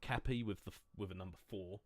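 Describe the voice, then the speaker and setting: A man's voice: sits low, fast, a little mellow, no echo. A young man streaming from home, chatting casually to his viewers in a rambling, self-mocking way. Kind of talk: casual live-stream chat.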